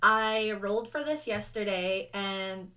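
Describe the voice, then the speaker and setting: A young adult woman chatting casually and rambling through rules as she sets up a solo tabletop roleplaying game, animated and self-deprecating. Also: mid-range voice, slow pace. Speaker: solo roleplayer and video host. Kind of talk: casual actual-play chat.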